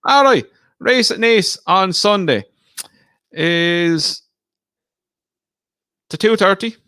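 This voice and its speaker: A man's voice: high-pitched, animated, drawn-out words, sharp tone, clear, resonant tone, dry recording, clean studio sound. A man co-hosting a podcast, chatting casually about betting and teasing his co-host. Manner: teasing, banters.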